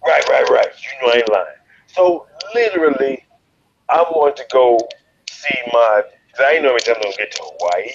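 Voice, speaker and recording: A man from Chicago telling a wild story in an interview, profane and animated, leaping into loud quoted voices. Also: mid-range voice, fairly quick, creaky, lo-fi sound, a crowd in the background. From Chicago, USA. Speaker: guest, fighter.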